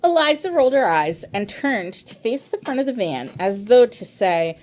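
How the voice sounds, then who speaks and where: A woman reading a children's novel aloud, with expressive storytelling. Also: normal speed, a little hiss or hum. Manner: expressive storytelling with a lively pitch. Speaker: reader.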